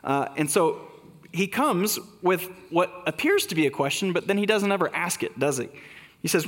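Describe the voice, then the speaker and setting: A man's voice: high voice, animated, moderate pace, fairly bright tone, long reverb tail. A man preaching a sermon in a conversational way, asking rhetorical questions. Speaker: pastor.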